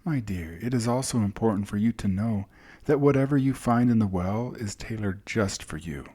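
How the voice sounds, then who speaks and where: A man voicing a gentle, wise older woman mentor who speaks softly and reassuringly, at times dropping to a near whisper. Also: on the low side, lively intonation, moderate pace, breathy edge, voice pushed up. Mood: soothing.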